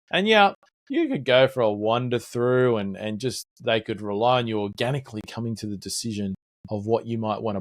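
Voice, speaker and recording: A man's voice: medium pitch, dry recording, studio quality. A man hosting a podcast, talking through a website in a loose, conversational way with lots of fillers and little acted-out sales exchanges. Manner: conversational, filler-heavy, acts out salesperson dialogue. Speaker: podcast host. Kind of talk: casual business podcast teardown.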